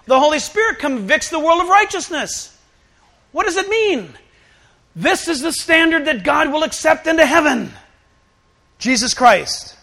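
High bright-voiced man preaching. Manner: animated, acts out voices, swings from loud to hushed. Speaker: pastor. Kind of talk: sermon.

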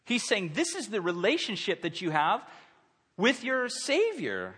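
A man in his thirties preaches with a lively, swooping delivery, slipping into quoted voices as he goes. His tone is bright and slightly husky. The sound rings with the long reverb of a large church sanctuary. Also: sits high, unhurried. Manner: animated, conversational preaching with acted-out quotes. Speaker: pastor. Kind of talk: sermon.

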